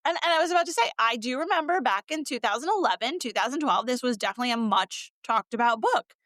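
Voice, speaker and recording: A woman co-hosting a casual book-review podcast, sarcastic and animated, swearing freely and laughing often. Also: on the high side, fast talker, no room sound. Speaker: podcast co-host.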